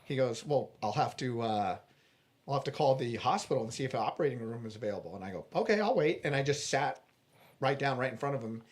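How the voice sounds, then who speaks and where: A man's voice: medium pitch, quick pace. A man guest in a podcast interview, earnestly telling a personal story and acting out the dialogue, with frequent restarts.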